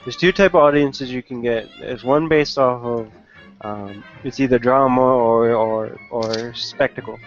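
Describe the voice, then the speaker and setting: A man in a casual group chat, explaining his view in a measured way with thinking-aloud fillers. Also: mid-range voice, soft background music. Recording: dull lo-fi online call audio.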